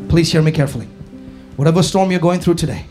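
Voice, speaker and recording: Male pastor, fervent sermon, high-pitched, soft guitar underneath. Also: quick pace. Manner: impassioned preaching, swinging from shouts to hushed tones. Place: church hall before a congregation.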